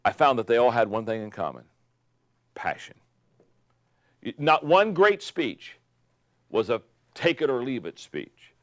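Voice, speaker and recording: An older man giving an emphatic motivational talk on leadership, repeating key phrases and building to loud peaks. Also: mid-range voice, very animated, unhurried, long pauses, no room sound, studio quality. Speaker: speaker on leadership.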